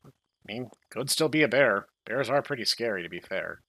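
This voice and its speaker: A young man doing sarcastic, deadpan commentary while playing a horror game. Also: mid-range voice, normal speed, dry recording. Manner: deadpan, dry sarcastic asides. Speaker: game streamer. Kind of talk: sarcastic let's-play commentary.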